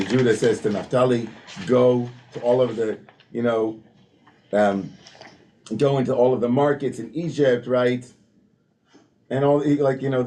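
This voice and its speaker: A man's voice: mid-range voice, warm tone. A man leading a text study at a service, talking in a chatty, conversational way with many "you know"s and "right?"s, reading Hebrew passages aloud and then explaining them.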